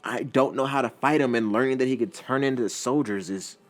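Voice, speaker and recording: A man voicing a young, brooding prince who holds back his anger, speaking quietly and stiffly. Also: mid-range voice, a little fast, voice pushed up, lightly acted. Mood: restrained.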